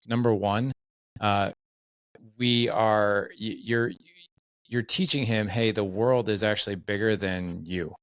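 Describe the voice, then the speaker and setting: A man's voice: fairly low pitch, fairly even intonation, slow, a bit bright, no room sound. A man hosting a podcast in casual conversation, upbeat and affirming, asking curious questions. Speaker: podcast host.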